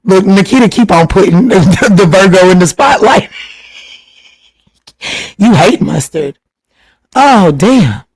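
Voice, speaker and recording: A man hosting a tarot livestream, chatting casually and teasingly with viewers while reading their comments, laughing often and jumping up in pitch when excited. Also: takes it slowly, pauses often, slightly rough, low-quality recording. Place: home livestream.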